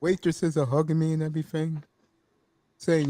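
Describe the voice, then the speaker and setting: A man's voice: on the high side, animated, normal speed, a little mellow, dry recording. A middle-aged man telling stories casually, mimicking people and laughing often. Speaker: podcast host. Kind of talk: casual storytelling chat.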